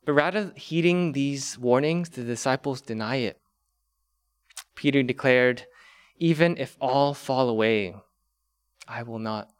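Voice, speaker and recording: Slow, emphatic male preacher. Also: mid-range voice, smooth. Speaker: pastor. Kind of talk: sermon.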